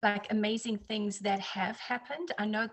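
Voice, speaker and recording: Woman reader chatting, tells stories with lots of life, jumps way up when she quotes people. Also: moderate pace. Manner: animated, acts out quotes in higher voice. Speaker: psychic reader, guest. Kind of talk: casual storytelling chat.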